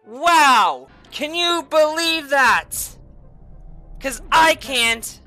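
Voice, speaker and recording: A young woman giving rage-filled gameplay commentary as a host, swearing and yelling at the game. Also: high voice, slow pace, faint music behind. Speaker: gaming video host.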